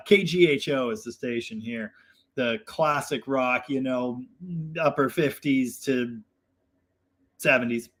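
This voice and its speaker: A man's voice: fairly high pitch, fairly bright tone. A young man hosting a casual live chat, reading viewer comments and rambling in a self-deprecating way with lots of fillers.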